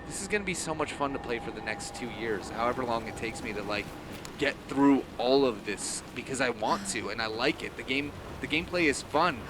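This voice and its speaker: A man's voice: mid-range voice, expressive, brisk, noisy background. A man co-hosting a casual chat show, talking in long rambling runs with restarts. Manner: rambling, enthusiastic, stammers on restarts. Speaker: co-host.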